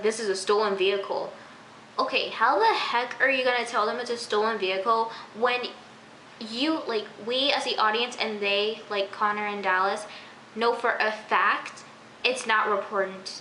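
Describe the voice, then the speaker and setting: A teenage girl recaps a TV episode in a casual vlog, rambling and exasperated, packed with "like" and repeated phrases. Her voice is on the high side, bright and forceful, recorded in an echoey room with slight background noise.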